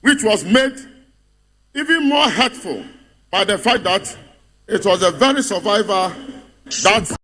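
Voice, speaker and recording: A man's voice: sits high, lively intonation, measured pace, long pauses, pushed and bright. A man with a Ghanaian accent delivering a mocking political speech to a party congress, building up rhetorical refrains. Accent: Ghanaian English.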